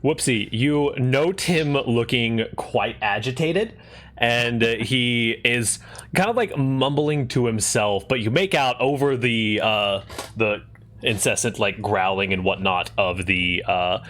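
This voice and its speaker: Slow-talking man running the game. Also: medium pitch, fairly bright tone. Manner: hesitant, many fillers. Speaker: game master. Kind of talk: narrating a tabletop game.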